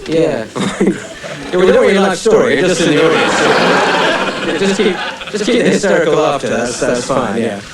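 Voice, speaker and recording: A man's voice: a little high, animated, normal speed, over a noisy crowd. A male stand-up comedian chatting with the audience in a rambling, self-deprecating way, full of restarts, on a TV studio stage. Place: TV studio stage under hot lights. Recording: echoey studio, distant mic. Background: studio audience laughing.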